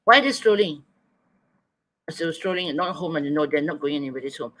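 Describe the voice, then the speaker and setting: A man's voice: fairly high pitch, animated, a little fast, pushed and bright, low-quality recording. A man teaching an online writing lesson, coaxing students, thinking aloud and repeating their chat answers back.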